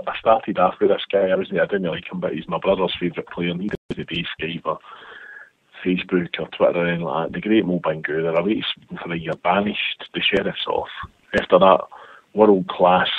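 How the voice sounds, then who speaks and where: A man's voice: low voice, gravelly, slightly rough. A Scottish man calling in to a radio show, rambling passionately about football. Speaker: caller. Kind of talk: casual phone chat. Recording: tinny dry phone line.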